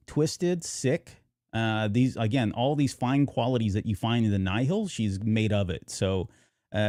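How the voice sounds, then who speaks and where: A man's voice: on the low side, darkish tone, dry recording, clean studio sound. A man co-hosting a podcast in casual chat, rambling with many fillers and restarts. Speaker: podcast co-host.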